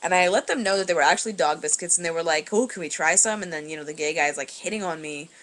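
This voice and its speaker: Young woman vlogger, slightly low voice, loose filler-heavy storytelling, webcam at home. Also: fast, a bit bright. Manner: rambling, filler-heavy, laughs while telling. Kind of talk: casual storytelling vlog.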